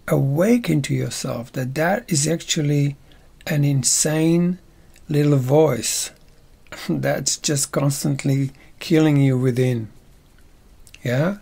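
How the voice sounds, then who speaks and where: A man leads a workshop with an unhurried, gravelly voice. His tone is husky, and he teaches playfully in a loose, conversational way. He keeps checking in with little tag questions. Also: on the high side, darkish tone. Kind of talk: casual guided teaching.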